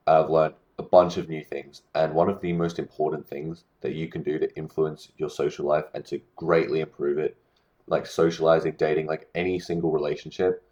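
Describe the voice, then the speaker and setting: A young man with a very deep voice talks casually about social skills, full of fillers and restarts. The recording is slightly dull and muffled. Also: darkish tone. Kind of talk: casual talking-head advice monologue.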